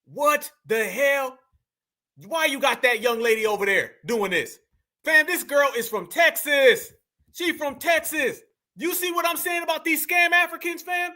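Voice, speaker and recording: A man with a very high, ringing bright voice reacts to clips in loose, slangy commentary. He sounds incredulous and swears freely. His delivery stays animated throughout. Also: unhurried. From United States. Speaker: show host.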